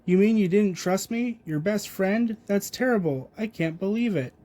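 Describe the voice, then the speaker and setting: A man doing a slow, dopey cartoon starfish. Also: high-pitched, warm tone, close to an everyday voice. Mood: goofy. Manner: slow, simple, bumbling. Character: dim, good-natured, clumsy male cartoon starfish.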